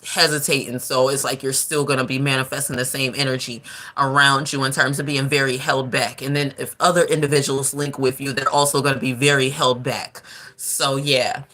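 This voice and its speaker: A woman's voice: extremely low pitch, flat delivery, fairly quick, bright, forceful tone. A woman tarot reader giving casual spiritual advice in a frank, blunt and loosely rambling way.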